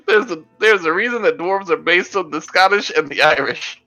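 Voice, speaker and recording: A man's voice: high-pitched, moderate pace, hardly any pauses, bright, forceful tone, faint music behind, poor audio. A man playing a tabletop game, chatting casually, rambling and laughing as he jokes with the group. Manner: rambling, joking, laughs often. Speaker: player.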